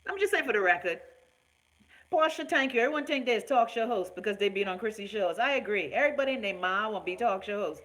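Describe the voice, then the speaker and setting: Bahamian woman, live-stream talk host, blunt, profane, reacts to comments, mid pitch. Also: expressive, fast talker, a bit bright, rough recording. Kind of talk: casual live-stream rant.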